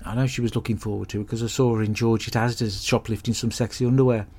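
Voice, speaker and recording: An actor playing a hapless, crude bloke who rambles through a comic monologue in a deadpan, sweary way. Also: male voice, mid-range voice, fast, close to an everyday voice. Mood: grumbling. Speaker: comedy podcast character host.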